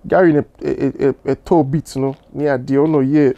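A man's voice: medium pitch, level tone, fairly quick, vocal fry, mellow, highs cut off. A young Ghanaian man, a musician guest, telling stories in a casual interview and stumbling over many restarts. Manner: mixes Twi, Pidgin and English, many restarts.

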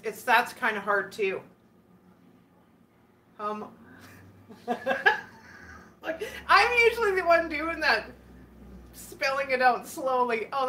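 A woman's voice: a little high, bright, forceful tone, a little hiss or hum. A woman hosting a casual live stream, chatting and giggling as she answers viewer comments. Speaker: livestream host.

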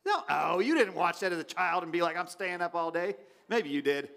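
A pastor preaching a sermon in a church, his voice swinging from loud questions to quiet asides. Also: high-pitched, expressive, brisk, creaky, hardly any pauses. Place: church sanctuary.

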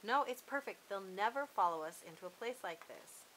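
Anxious storybook boy, bright tone, fretful, woman reading aloud. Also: mid-range voice, lively intonation, moderate pace, slight background noise, lightly acted, poor audio. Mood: worried. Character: worried boy in a mad scientist costume.

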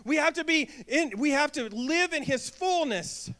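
A man preaching a sermon in a church, energetic, asking the congregation questions and acting out little quips. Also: extremely high pitch, a little slow. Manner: energetic, asks the crowd questions and acts out quips. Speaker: pastor. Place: church sanctuary.

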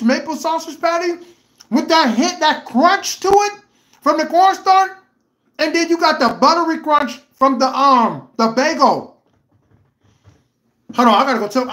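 A man hosting a casual livestream from his home kitchen, tasting his own cooking with excited exclamations and long drawn-out mm's. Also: extremely high pitch, reverberant. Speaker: home cook livestream host.

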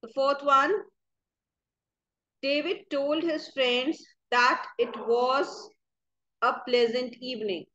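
A woman teacher with a high voice reads grammar answers aloud at an unhurried pace, spelling out each comma and quotation mark. The recording sounds dull and lo-fi. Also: fairly even intonation, sharp tone. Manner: slow, careful dictation of punctuation.

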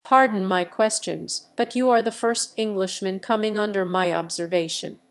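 A woman's voice: medium pitch, moderate pace, natural voice. A woman reading the lines of an odd, curious old male doctor in an audiobook, speaking in a matter-of-fact, imperturbable way.

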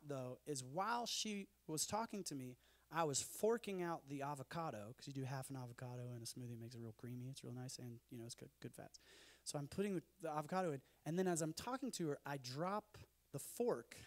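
A man, giving a conference talk full of self-deprecating humorous stories. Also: fairly high pitch. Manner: animated, self-deprecating storyteller. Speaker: speaker. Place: conference stage.

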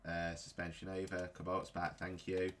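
A man's voice: sits low, flat delivery, normal speed, slight background noise. A man playing a football game and commenting casually, often frustrated and grumbling. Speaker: gaming YouTuber.

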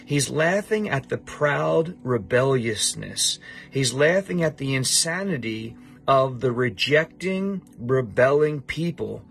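A man's voice: medium pitch, lively intonation, takes it slowly, gravelly, a bit bright. Emphatic man teaching scripture. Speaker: Bible study teacher. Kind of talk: Bible teaching with a student.

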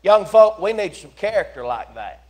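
A man preaching a sermon in a church, telling the story in a folksy, animated way with big swings from loud to hushed. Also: sits high, moderate pace. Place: church sanctuary.

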